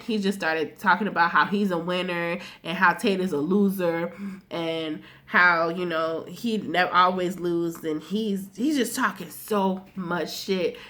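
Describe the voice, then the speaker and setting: Woman, vlogger, casual episode recap, lots of swearing and slang, acts out characters' lines, middle pitch. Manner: animated retelling, acting out characters' lines.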